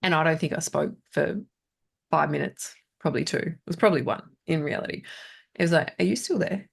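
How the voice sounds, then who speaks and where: A woman's voice: low voice, steady tone, brisk, vocal fry. A woman, teaching a casual coaching masterclass in a chatty way, often checking in with "right?". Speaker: trauma coach.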